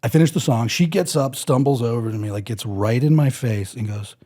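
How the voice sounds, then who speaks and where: A man, a guest musician, telling casual stories in an animated way and acting out other people's lines. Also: medium pitch, a little fast. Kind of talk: casual storytelling.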